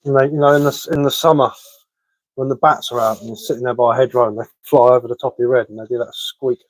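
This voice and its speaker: A man's voice: mid-range voice, fairly even intonation, fast, dry recording, rough recording. Chatty Sussex man, dry close sound. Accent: Sussex English. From England. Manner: cheerful, chatty, peppered with rhyming slang. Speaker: live streamer of bushcraft and woodwork. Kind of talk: casual live chat answering comments.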